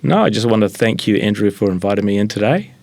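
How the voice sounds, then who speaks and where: Middle-aged man, deepish voice, dry close sound, relaxed rambling storyteller. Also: fast, vocal fry, no echo. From New Zealand. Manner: relaxed storyteller, many fillers and restarts. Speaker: guest, sushi business founder. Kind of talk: casual interview chat.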